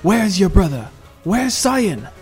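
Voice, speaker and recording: A man's voice: sits high, sing-song, slow, darkish tone, pitched above the performer's own voice, heavily acted. Old king in an audiobook, frantic with grief, read by a man: raised voice, faint music underneath. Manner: raised, anguished cries. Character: old grieving king, loud, anguished.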